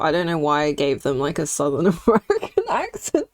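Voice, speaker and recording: A woman's voice: lowish voice, very animated, normal speed, hardly any pauses, dry recording. Chatty young woman, dry close sound. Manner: chatty and candid, reacting to chat. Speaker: streaming artist. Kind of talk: casual chat while drawing on stream.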